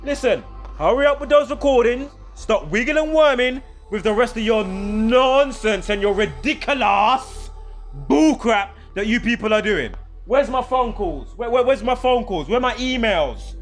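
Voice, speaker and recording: High-voiced angry man ranting. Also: animated, moderate pace, faint music behind. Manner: heated, profane, sarcastic complaining. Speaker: vlogger. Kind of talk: angry ranting monologue to camera.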